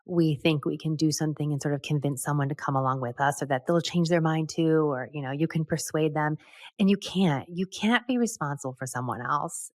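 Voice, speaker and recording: A middle-aged American woman with a low, deep voice tells her own story candidly, pausing to reflect. She is recorded close and dry, with no room sound. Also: darkish tone, no room sound. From United States. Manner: candid, reflective, laughs often. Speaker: podcast host. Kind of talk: personal storytelling.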